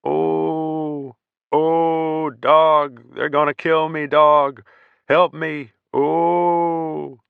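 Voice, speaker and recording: A man voicing a terrified young soldier who screams in panic, his voice pitched far above his own. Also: level tone, drawn-out words, gravelly, clear, resonant tone, no echo, narrow, tinny audio, heavily acted. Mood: panicked.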